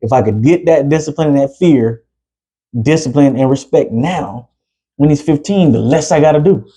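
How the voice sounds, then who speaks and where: A man's voice: fairly high pitch, moderate pace, dark tone, slightly rough. A man co-hosting a podcast in casual chat, a father who keeps checking in with "you know what I'm saying". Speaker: podcast co-host; father of a preteen son.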